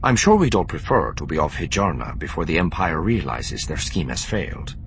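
A man reading an audiobook voices a brisk, self-assured male officer who speaks decisively. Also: a bass voice, very animated, slight background noise, exaggerated voice. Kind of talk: audiobook narration.

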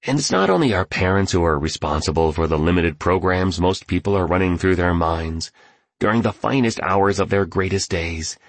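An earnest, emphatic female entrepreneur, read by a man in his own voice. The voice is deep and gravelly, with a husky grain. The sound is close and dry. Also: moderate pace, no echo.

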